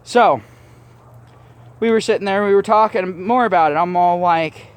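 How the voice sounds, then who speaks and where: A man's voice: sits high, normal speed, pauses often, clear, resonant tone. A man telling a story in a blunt, profane, mocking rant to his vlog audience. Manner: blunt, swears constantly, mocking retelling. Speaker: vlogger.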